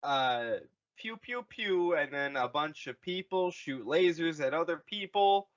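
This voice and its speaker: A man's voice: on the high side, a little slow, highs cut off. A man co-hosting a casual comedy podcast, rambling through a movie retelling and slipping into goofy voices for the characters.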